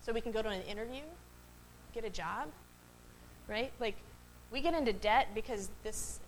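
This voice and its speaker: A woman's voice: fairly high pitch, moderate pace, a little hiss or hum, poor audio. A woman pastor gives a conversational sermon to a congregation in a worship space. She often asks the room questions and checks in with "right?" between points.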